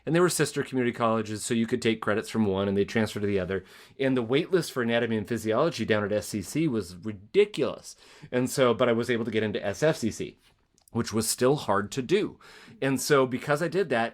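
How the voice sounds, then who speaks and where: A man of middle pitch hosts a conversational podcast. He tells a personal story earnestly, with many restarts and asides. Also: expressive, fast talker. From Spokane, Washington area. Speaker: podcast host. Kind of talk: conversational interview.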